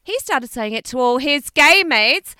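Lively bright-voiced woman podcast host. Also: high-pitched, a little slow, clean tone, no echo. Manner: chatty storyteller, laughs often. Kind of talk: casual chat.

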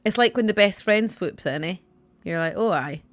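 A woman co-hosting a podcast in casual chat, giggly with quick banter. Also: mid-range voice, no room sound, clean studio sound. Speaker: podcast co-host.

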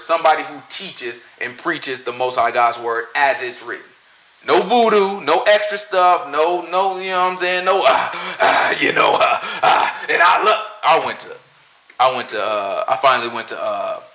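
A man talking casually about church and preaching, animated and joking, often laughing. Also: on the high side, echoey room, poor audio. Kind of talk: casual opinion talk.

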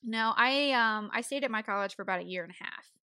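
A woman's voice: fairly high pitch, fast, bright, forceful tone, smooth. A young woman co-hosting a podcast, chatting casually and laughing easily, often saying "like". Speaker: podcast co-host. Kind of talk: casual chat.

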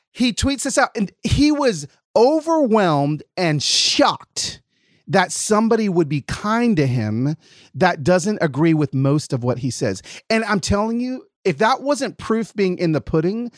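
Male podcast host, higher voice, dry close sound, animated anecdote teller. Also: no echo. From lives in Nashville, Tennessee. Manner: animated storyteller, acts out quotes. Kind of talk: casual podcast chat.

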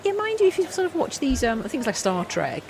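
Teasing woman with a lively voice. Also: sits high, brisk, slight background noise. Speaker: co-reader. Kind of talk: casual chat.

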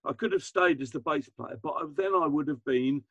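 A man in his seventies, a guest musician, talking reflectively in an interview, self-deprecating and halting with many restarts. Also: a little high, fairly bright tone, no echo, dull audio.

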